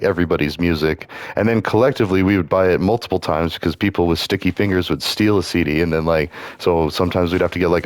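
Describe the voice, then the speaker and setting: Low-voiced male gaming host, loose and rambling casual commentary. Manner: rambling, loose, full of "like" and asides.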